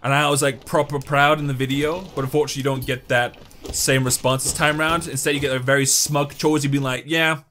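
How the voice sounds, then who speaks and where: A young man giving excitable, joking let's-play commentary while he talks to the game. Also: mid-range voice, fast, slight background noise. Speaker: gaming YouTuber.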